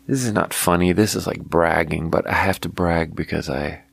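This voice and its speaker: A man's voice: deep voice, steady tone, moderate pace, creaky, slightly rough. A man hosting a casual late-night solo podcast, talking in a wry, self-mocking way and swearing freely.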